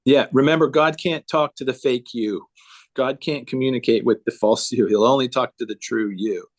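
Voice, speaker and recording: A man's voice: mid-range voice, normal speed. Earnest man telling a story on a video call. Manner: earnest, emphatic, acts out dialogue. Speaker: guest speaker.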